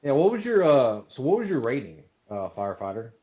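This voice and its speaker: A man's voice: mid-range voice, very animated, a little fast, mellow. A man, a navy veteran guest, chatting casually on a stream with lots of hesitation and joking. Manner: hesitant, filler-heavy, joking. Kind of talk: casual livestream chat. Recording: dull lo-fi call audio.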